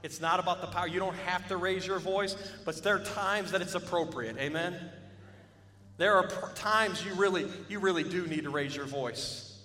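A pastor preaching with a high, bright, forceful voice. He swells into shouts and asks the congregation to join in. His voice rings through a long-echoing church hall over faint music. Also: normal speed. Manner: preaching with rising shouts and call-and-response. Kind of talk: sermon. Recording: echoey hall with music behind.

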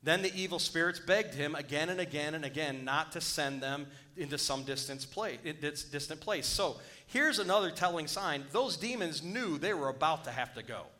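A man's voice: a little high, animated, normal speed, few pauses, pushed and bright. A man preaching a sermon, reading scripture aloud and breaking off to exhort his listeners. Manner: rises to urgent exhortation. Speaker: pastor.

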